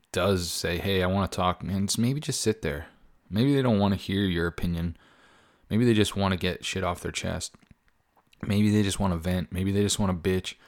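Deep-voiced man hosting a profane podcast. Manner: profane, rambling and candid, with frequent fillers. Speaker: podcast host. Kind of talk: casual solo podcast monologue.

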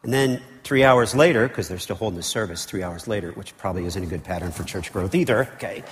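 A man preaching a sermon as pastor, with lively, conversational delivery full of "okay" and "right". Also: on the low side, fast, in a large hall. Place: church sanctuary.

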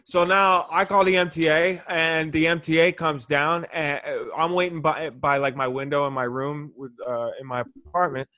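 A man telling a long, rambling story in casual chat, animated and swearing a lot. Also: fairly high pitch, normal speed, few pauses, no echo. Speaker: podcast co-host.

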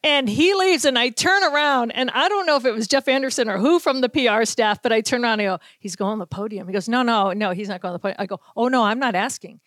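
A woman from Boston, hosting a sports talk show, telling a story in a brisk, animated way and acting out everyone's lines. Her voice sits on the higher side, and the recording is dry and close. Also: no echo. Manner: lively anecdotes with acted-out quotes and laughter. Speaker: sports reporter, podcast host. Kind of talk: casual storytelling chat.

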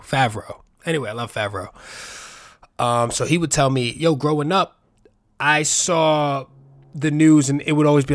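A man's voice: fairly high pitch, normal speed, dry recording, clean studio sound. A man, from the Bronx, telling a rambling, profane story full of tangents as a podcast host. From New York City, the Bronx. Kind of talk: casual monologue.

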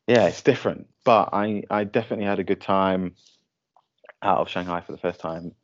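A man's voice: deep voice, a little fast, highs cut off. A man co-hosting a podcast in casual chat, laughing easily and talking with lots of fillers. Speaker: podcast co-host. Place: lives in Shanghai.

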